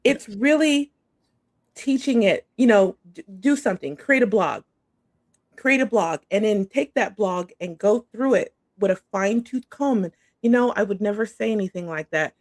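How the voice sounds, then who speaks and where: Bubbly woman with a gravelly edge. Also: mid-range voice, moderate pace, a little mellow, dry recording, studio quality. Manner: bubbly, says "like" and "awesome" a lot. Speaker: guest coach. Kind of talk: casual interview chat.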